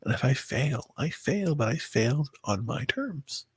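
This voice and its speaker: A very tired man talking to his viewers in a halting personal monologue, often stumbling and restarting his words. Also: mid-range voice, animated, slightly rough, no echo. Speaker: vlogger. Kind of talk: rambling personal monologue to camera.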